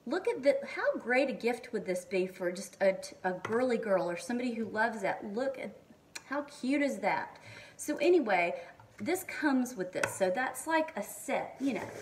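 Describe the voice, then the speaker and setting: A middle-aged woman, chatting excitedly in a home kitchen as she unboxes beauty products, reading labels aloud with lots of ums. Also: medium pitch, far from the mic, a little hiss or hum. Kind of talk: casual haul and unboxing chat.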